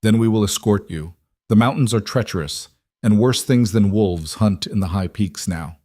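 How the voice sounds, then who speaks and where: A man's voice: fairly low pitch, moderate pace, dark tone, no echo, clean studio sound, lightly acted. A man doing a growling northern wolf alpha. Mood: solemn. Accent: thick northern. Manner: growling, solemn. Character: huge scarred old wolf alpha, gruff and fierce.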